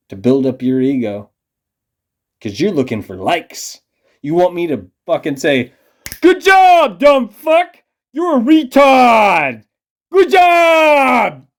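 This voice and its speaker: A man delivering an angry, profane rant straight to his viewers, condescending as he lurches from low muttering to loud outbursts. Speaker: vlogger. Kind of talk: ranting monologue to camera.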